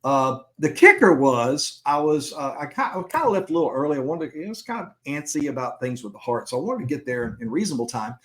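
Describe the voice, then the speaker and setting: A man's voice: a little high, big pitch swings, fast talker, few pauses. A middle-aged man co-hosting a podcast, telling a long personal anecdote in a casual, chatty way and acting out the other people's lines. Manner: chatty anecdote-teller who acts out dialogue. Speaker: podcast co-host.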